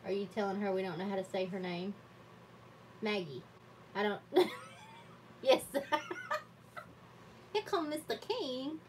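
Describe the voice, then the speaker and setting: A woman's voice: medium pitch, wildly swooping pitch, slow, pauses often. Woman host, chatty and self-mocking, mid-range voice, a bit far from the mic, faint background hiss, home livestream. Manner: chatty, self-deprecating, laughs often. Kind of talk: casual chat while journaling. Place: home art desk.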